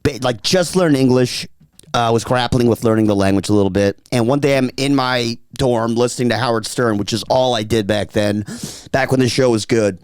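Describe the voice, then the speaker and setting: A man's voice: mid-range voice, brisk, clear, resonant tone, no room sound, studio quality. A young man co-hosting a podcast, telling a long story in casual chat and acting out the voices of the people in it. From South Dakota, US. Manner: animated storyteller, acts out voices, laughs often. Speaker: podcast co-host.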